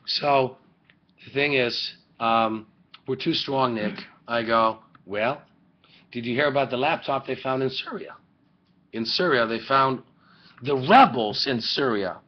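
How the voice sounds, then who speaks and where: A man lecturing a class in a rambling, joking way, full of rhetorical questions, recorded on a webcam. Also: mid-range voice. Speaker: teacher. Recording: dull lo-fi webcam audio.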